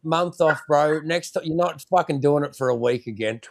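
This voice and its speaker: High-voiced Australian man, profane and teasing. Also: normal speed, gravelly, a little hiss or hum. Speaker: co-host. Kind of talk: casual podcast banter.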